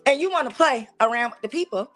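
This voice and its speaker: A woman with a Southern US accent hosting a casual talk show, talking straight to her viewers in an animated, preachy and teasing way. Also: high-pitched, fast talker, soft background music. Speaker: host. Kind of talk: casual commentary on church life.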